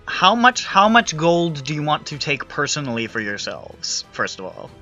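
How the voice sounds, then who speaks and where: A man narrates a tabletop game as its game master, loose and casual. His voice is very bright and swings up and down a lot. The audio is a bit muffled, with soft music behind. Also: on the high side, sing-song, moderate pace.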